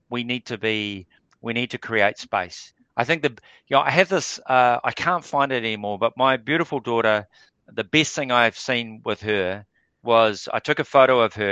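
A man's voice: medium pitch, pushed and bright, smooth, no room sound, highs cut off. A man answering interview questions in a casual, hesitant way, full of fillers and restarts. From New Zealand. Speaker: guest.

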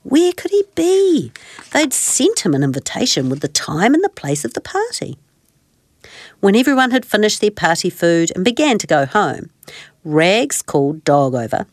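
Woman storyteller, lowish voice, lively intonation, dry close sound. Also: normal speed, no echo. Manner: gentle, expressive storybook narration. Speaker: storyteller host. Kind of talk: children's story reading.

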